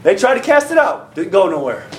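A man preaching a sermon in a folksy, animated way, acting out little voices as he goes, with a congregation calling out amens. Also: sits high, fairly quick, slight background noise. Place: church. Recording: echoey church hall with congregation.

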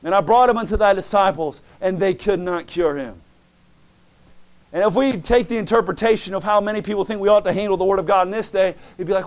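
A man preaching a fervent sermon, reading scripture aloud and swinging from quiet asides to loud exclamations. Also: high voice, fast talker. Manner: acts out quoted voices in dialogue.

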